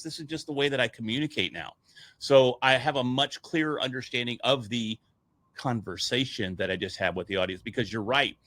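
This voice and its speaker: A man's voice: medium pitch, no room sound. A man who speaks in public, telling stories in a casual podcast conversation and acting out the dialogue he quotes. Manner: animated, acts out quoted dialogue.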